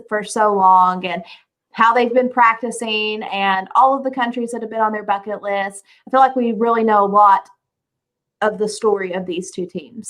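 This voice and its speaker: A woman's voice: medium pitch, fairly bright tone. A young woman co-hosting a casual recap chat, easygoing and agreeable. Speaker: podcast co-host.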